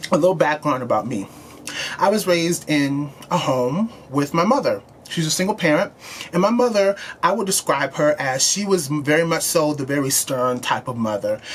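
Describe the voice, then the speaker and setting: A man's voice: fairly high pitch, fairly bright tone, a little hiss or hum. A young man hosting his own vlog, talking to camera in a chatty, earnest way with frequent fillers. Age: young adult. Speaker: host. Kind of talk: casual talk to camera.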